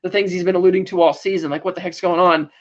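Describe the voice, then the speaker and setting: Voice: medium pitch, steady tone, quick pace, dull audio. Rambling podcast co-host recapping TV. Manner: rambling, restarts, acts out quoted lines. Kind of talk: casual TV episode recap.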